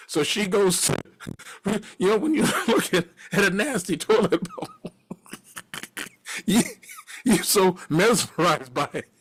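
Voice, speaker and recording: A man's voice: high-pitched, slow pace, pauses often, slightly rough. A middle-aged man spins a story in a loose, casual way, with a voice that sits a little above the usual male range. He laughs often and curses freely. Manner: animated, laughing often, profane.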